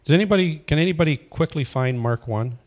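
A man's voice: fairly high pitch, expressive, fast talker, darkish tone. A man giving an informal teaching sermon, asking the room questions and chuckling often. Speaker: pastor leading a Bible study.

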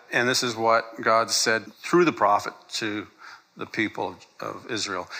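A man's voice: mid-range voice, pushed and bright. A man preaching a sermon in a conversational way, laughing often and acting out quoted lines. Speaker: pastor.

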